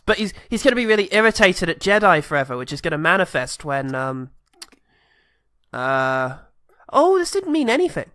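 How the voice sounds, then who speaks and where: A man co-hosting a casual film-recap podcast, sarcastic and swearing freely with quick asides. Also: high voice, big pitch swings, pushed and bright, dry recording, studio quality. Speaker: podcast co-host.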